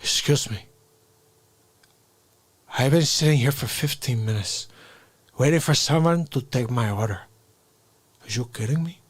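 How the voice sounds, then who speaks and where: A man's voice: medium pitch, a little slow, long pauses, husky, no echo, voice pushed down. A man doing an impression of a hot-tempered middle-aged gangster, blustering and confrontational. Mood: angry.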